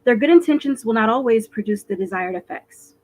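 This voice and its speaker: A woman author reading her own fiction aloud in an expressive, animated storytelling voice for a virtual live stream. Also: fairly high pitch, a little fast, rough recording.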